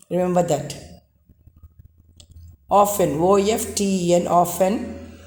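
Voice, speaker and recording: Slow Indian English woman teacher. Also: fairly low pitch, steady tone, dark tone, roomy sound. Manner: spells words out letter by letter, explains patiently. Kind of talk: pronunciation lesson.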